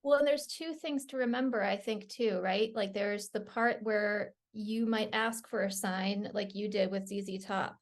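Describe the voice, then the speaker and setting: A middle-aged woman, a guest author on a podcast, telling stories in casual conversation, animated and laughing often. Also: medium pitch, a little slow, hardly any pauses.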